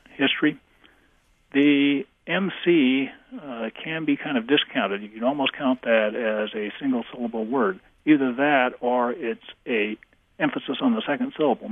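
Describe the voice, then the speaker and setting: A man who is an English professor, answering questions on a radio call-in show, halting with many fillers. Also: medium pitch, no echo. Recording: tinny phone line.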